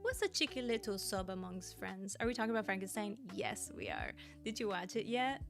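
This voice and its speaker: A woman's voice: medium pitch, big pitch swings, a little fast, soft background music. A woman streamer chatting casually with her livestream viewers, bubbly and giggly, thanking them and rambling between topics.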